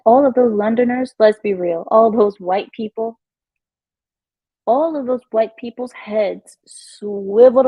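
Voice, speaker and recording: A woman's voice: a little high, slightly rough, dry recording, muffled recording. A woman giving chatty, emphatic commentary on her vlog at home. She often repeats herself and laughs. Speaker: vlogger. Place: at home in her new house.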